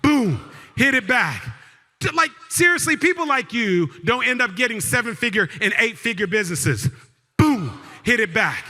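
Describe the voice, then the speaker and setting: Give me a high, forceful-voiced man delivering a live keynote in a big reverberant hall, swinging from shouts to hushed lines. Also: normal speed. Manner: energetic call-and-response with the crowd; storytelling with big swings between loud and hushed. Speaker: keynote speaker. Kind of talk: motivational keynote. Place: large event hall.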